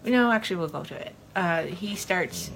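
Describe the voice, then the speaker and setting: A woman's voice: fairly low pitch, huge pitch swings, moderate pace, a bit bright, slight background noise. Woman rambling through a show recap. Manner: rambling, loose, full of fillers like "you know". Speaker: podcast host. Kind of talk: casual episode recap.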